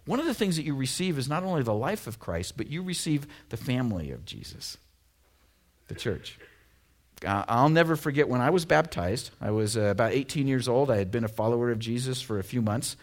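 A man's voice: medium pitch, lively intonation, fairly quick. A middle-aged man from Oregon preaching a sermon in a conversational, storytelling way with self-deprecating humor. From Oregon, USA. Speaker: pastor.

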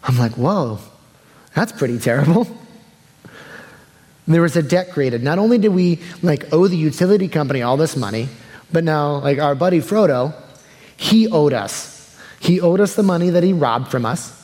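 A man's voice: a little high, animated, moderate pace, a little mellow, in a large hall. A young adult man preaching a sermon in a conversational way, acting out the people he quotes. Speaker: pastor.

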